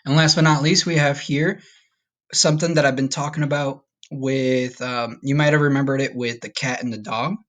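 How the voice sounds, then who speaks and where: A man teaching a recorded Spanish vocabulary lesson, patient and upbeat, slowing down to repeat each word. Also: medium pitch, steady tone, fairly bright tone. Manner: patient, slow repetition drills with upbeat asides.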